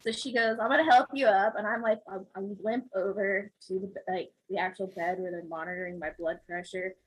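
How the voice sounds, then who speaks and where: A woman's voice: mid-range voice, little pitch movement, brisk, breathy edge, poor audio. A woman who works as a physical therapist, animatedly telling a story in casual chat, acting out the voices and laughing often.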